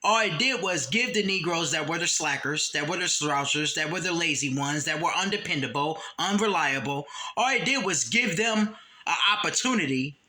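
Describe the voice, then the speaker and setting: Man, very bright voice, blunt profane sermonizing monologue, swings loud to low. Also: animated, normal speed, few pauses. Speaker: religious commentator. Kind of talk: preachy monologue.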